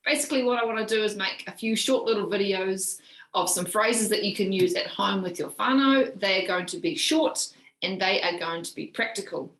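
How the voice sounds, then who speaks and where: A woman's voice: mid-range voice, a bit bright, reverberant, rough recording. Upbeat New Zealand woman teaching phrases. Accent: New Zealand English. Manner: upbeat, checks in with "ka pai?" and "right?"; says example phrases slowly and clearly. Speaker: language teacher. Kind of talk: short spoken language lesson.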